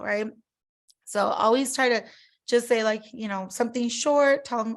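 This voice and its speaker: A woman's voice: medium pitch, fairly even intonation, normal speed, a bit bright. A woman giving a casual sales training talk, chatty, full of fillers and acted-out customer quotes.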